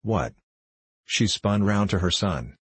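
A man reading a novel aloud as an audiobook narrator, in a steady, measured way. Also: deep voice, slightly rough, no room sound.

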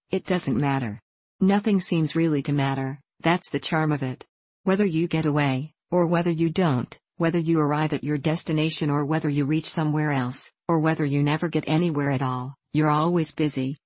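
A woman voicing an easygoing, dreamy male water rat in a storybook reading, speaking in a solemn, unhurried, musing way. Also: sits low, darkish tone, dry recording.

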